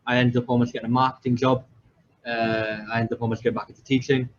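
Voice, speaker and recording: A young English podcast host talks fast in a level, mid-range voice, with soft music playing in the background. He tells his story casually, rambling and self-deprecating, full of fillers and restarts, on slightly dull lo-fi audio with faint background noise.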